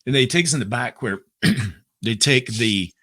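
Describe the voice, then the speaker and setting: A man, a guest on an interview show, telling a story in a casual, lively way and acting out what he said back then. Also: medium pitch, a little slow, no room sound, studio quality. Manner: lively storyteller who acts out his own quotes; talks in bursts with many fillers and restarts. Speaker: podcast guest.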